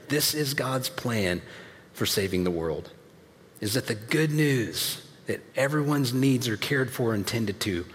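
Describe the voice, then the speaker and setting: Casual preacher in a reverberant hall. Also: male voice, medium pitch. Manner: conversational, emphatic, casual asides. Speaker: pastor. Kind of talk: sermon. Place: large church hall with audience.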